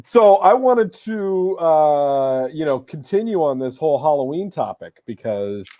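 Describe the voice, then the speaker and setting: A man's voice: fairly high pitch, big pitch swings, unhurried, mellow, no room sound. A man co-hosting a podcast, upbeat and laughing often as he introduces the segments. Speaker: podcast co-host. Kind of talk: casual chat.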